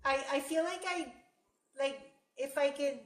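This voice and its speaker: A woman's voice: high-pitched, measured pace, a bit bright. A woman piano student speaking hesitantly over a video call, searching for her words. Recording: echoey, noisy video call audio.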